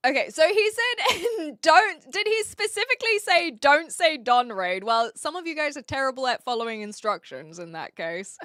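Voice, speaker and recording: A woman's voice: high voice, sing-song, normal speed, hardly any pauses, fairly bright tone, no echo, studio quality. Giggly New Zealand woman streaming. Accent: New Zealand, softened by years in Australia and the UK. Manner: giggly and bubbly, reads chat aloud, frequent laughs. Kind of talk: casual live-stream chat with viewers. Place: attic.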